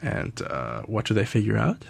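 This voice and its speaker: A man's voice: fairly low pitch, huge pitch swings, moderate pace, vocal fry, breathy edge. A man hosting a casual podcast, chatty, laughing often and acting out characters' lines as he recaps an episode. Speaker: podcast host.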